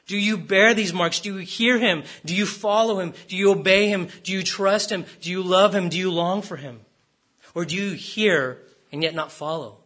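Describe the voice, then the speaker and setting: A man's voice: high voice, moderate pace, a bit bright. A man preaching a sermon as pastor, stressing words and repeating rhetorical questions.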